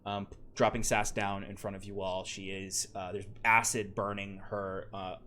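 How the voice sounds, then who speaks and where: Running a tabletop game as game master, a man narrates loosely with lots of fillers. His lowish voice is bright and forceful, at normal speed with little pitch movement, over a little hiss or hum.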